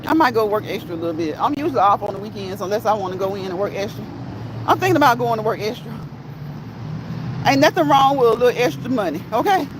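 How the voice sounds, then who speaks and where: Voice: mid-range voice, expressive, fast talker. A live-stream host chatting casually while walking outdoors, slangy and laughing often. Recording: outdoor traffic noise.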